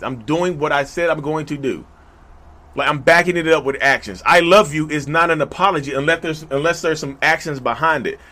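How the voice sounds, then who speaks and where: A man hosting his own channel, talking straight to his viewers in a casual, animated way that often gets loud and hyped. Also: fairly high pitch. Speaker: YouTube channel host. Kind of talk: casual direct-to-camera talk.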